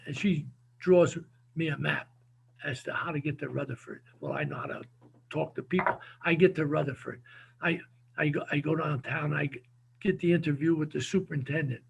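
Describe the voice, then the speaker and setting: A man, telling animated stories as an interview guest and often repeating his words. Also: on the high side, moderate pace, gravelly, husky. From New Jersey. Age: 70s. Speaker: guest, former football coach. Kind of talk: casual storytelling interview.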